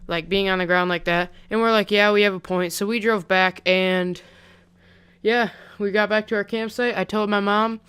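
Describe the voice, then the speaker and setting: A man's voice: high voice, fairly even intonation, normal speed, pushed and bright, clear, resonant tone. A young man casually telling a story on his vlog, rambling and chatty with lots of "like", into a pop-filtered desk mic. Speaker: vlogger.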